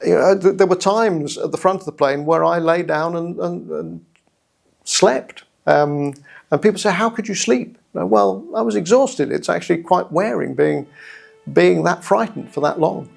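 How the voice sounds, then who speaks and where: A middle-aged man with a British accent, telling his own story in a measured, reflective way with hesitant restarts. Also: a little high, lively intonation, creaky, faint music behind. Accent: British English. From England. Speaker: guest storyteller. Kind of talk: personal story told to camera.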